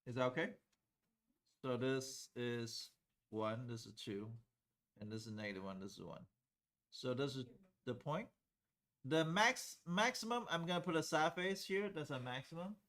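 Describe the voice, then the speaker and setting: In a relaxed, conversational calculus lecture, a male teacher works through each step on the board and keeps stopping to ask students whether it makes sense. His voice sits at an ordinary middle pitch, his pace is moderate, and he pauses often.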